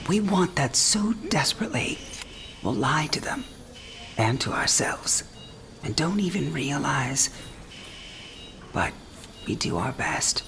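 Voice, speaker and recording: An actress playing an elderly mother on her last night alive, wry, teasing and frank, often speaking softly in a game cinematic. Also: deep voice, big pitch swings, takes it slowly, vocal fry, pauses often, slight background noise, heavily acted. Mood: reflective. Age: older. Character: dying elderly mother, warm, sharp-witted, frank. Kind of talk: video game cinematic drama.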